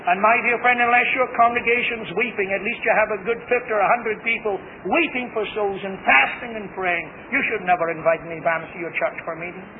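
A man's voice: high-pitched, fairly even intonation, quick pace, few pauses. Fervent preacher man on tinny recording. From Britain. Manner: fervent, repetitive, stammering restarts. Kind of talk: sermon. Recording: tinny phone-like archival recording with faint hiss.

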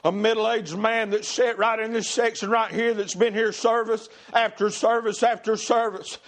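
A preacher whose voice sits unusually high for a man. He preaches with fire to his congregation, rising to shouts and then dropping to an urgent, pleading hush. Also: level tone, moderate pace. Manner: impassioned, swings between shouting and hushed pleading. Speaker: pastor. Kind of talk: fiery revival sermon. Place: church sanctuary before a congregation.

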